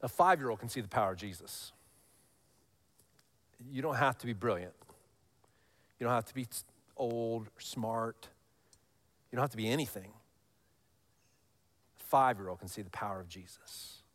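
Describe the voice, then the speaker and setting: A man in his thirties preaching a sermon, telling stories with animated highs and dropping to a hush for scripture lines. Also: normal speed, long pauses. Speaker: pastor.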